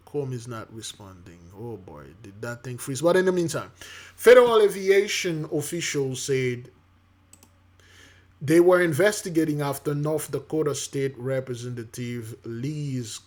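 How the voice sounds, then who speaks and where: Male online commentator, halting delivery, many fillers, preachy asides, mid pitch. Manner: halting, many fillers and restarts, reads news aloud; preachy, addresses listeners as beloved. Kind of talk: casual spoken commentary.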